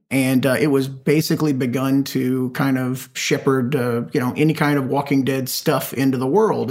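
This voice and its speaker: A man as an interview guest, an animated storyteller who acts out quotes and uses many fillers. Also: medium pitch. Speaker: comic creator guest. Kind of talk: casual interview talk.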